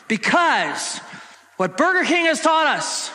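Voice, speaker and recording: A pastor in his forties preaches a playful sermon, breaking into snippets of jingles for the congregation. His voice is extremely high, animated, pushed and bright at a normal speed. The church sanctuary adds a long hall reverb.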